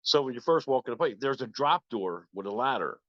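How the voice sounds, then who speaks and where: A man's voice: medium pitch, fairly quick, dry recording. Older man guest telling gig stories, lo-fi. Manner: animated, acts out quoted voices. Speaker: guest guitarist. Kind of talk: casual storytelling. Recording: dull lo-fi, dry.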